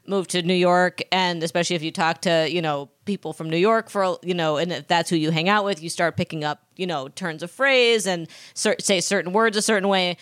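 A woman's voice: on the low side, fairly quick, few pauses, a bit bright, dry recording, clean studio sound. A woman co-hosting a casual gossip podcast, telling rambling, digressive stories. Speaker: podcast co-host.

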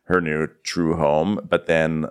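A man's voice: a bass voice, flat delivery, takes it slowly, smooth. A man co-hosting a podcast, chatting casually and wryly about a reality show. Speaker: podcast co-host. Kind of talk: casual comedic recap chat.

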